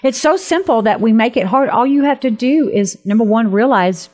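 A woman's voice: on the high side, animated, normal speed, a little mellow. A woman co-hosting a Christian radio talk show, speaking earnestly and fervently as she leads listeners in prayer. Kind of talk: faith talk with a spoken prayer.

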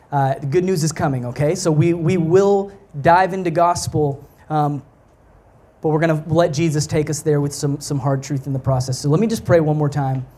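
A young man and guest preacher giving a sermon in a casual, conversational way, with many fillers and restarts, turning soft and low when he prays. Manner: drops soft and low in prayer. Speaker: pastoral apprentice, guest preacher.

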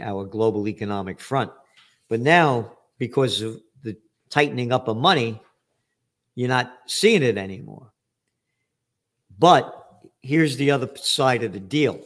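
An older man hosting an angry, profane commentary monologue, ranting sarcastically about the economy. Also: mid-range voice. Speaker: trend forecaster host.

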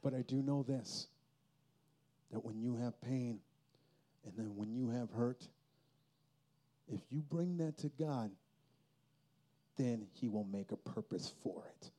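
A man speaks at a Christian youth festival, sharing a personal testimony in an earnest, heartfelt way. His voice is warm and mellow, sitting at an ordinary middle pitch. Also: slow, pauses often. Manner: earnest, emotional storytelling.

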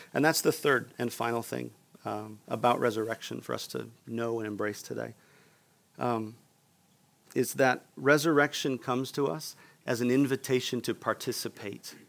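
A male pastor delivers an earnest sermon in a mid-pitched, gravelly voice. He speaks directly to the congregation and often pauses for their response. His tone stays sincere and steady throughout. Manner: earnest preaching, asks the room for responses.

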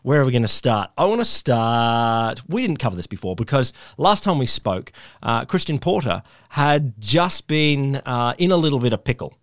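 A man's voice: medium pitch, big pitch swings, normal speed, hardly any pauses, no room sound. An Australian man hosting a casual politics podcast, loose and jokey, rambling and swearing, on a close mic. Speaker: podcast host.

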